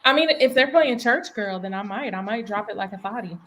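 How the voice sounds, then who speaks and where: A woman's voice: mid-range voice, expressive, a little fast, very noisy. A woman hosting a casual podcast, teasing and chatting playfully. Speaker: podcast host.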